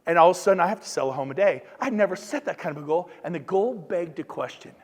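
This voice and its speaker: A man giving a fired-up motivational talk to a live audience, punchy and shouting at his peaks. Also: high voice, lively intonation, fast talker. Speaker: motivational speaker, real estate agent. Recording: long hall reverb.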